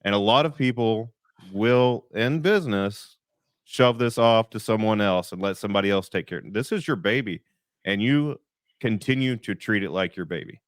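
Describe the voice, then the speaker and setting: A man hosting a podcast, speaking in an earnest, measured way. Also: lowish voice, dry recording, clean studio sound. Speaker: podcast host. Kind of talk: casual podcast interview.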